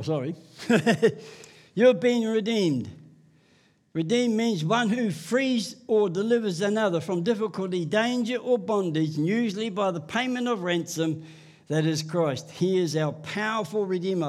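An older man preaches with fervour, repeating his refrains and swinging from loud peaks to quiet, earnest confession. His voice sits notably high for a man. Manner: impassioned, repetitive refrains, rising to loud peaks. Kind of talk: sermon.

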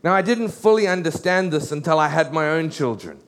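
A middle-aged man preaching a sermon, animated and storytelling, slowing down to read scripture. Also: a little high.

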